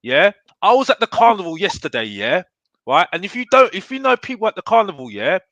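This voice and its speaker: A man talking casually about football, animated and constantly tacking on "yeah?". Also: high voice, brisk, no echo, dull audio. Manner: animated, keeps adding "yeah?". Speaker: football podcast guest. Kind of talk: casual chat.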